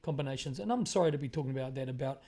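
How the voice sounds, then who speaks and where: This independent broadcaster from New Zealand talks rapid-fire in a medium-pitched voice with a dark tone. Hosting his own commentary show, he holds forth on current events emphatically, leaning on repeated phrases.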